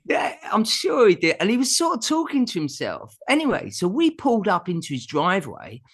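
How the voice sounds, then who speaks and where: Animated man telling stories. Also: high-pitched, fairly quick, slightly rough. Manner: animated anecdotal storyteller, laughs often. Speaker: guest musician. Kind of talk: casual interview storytelling.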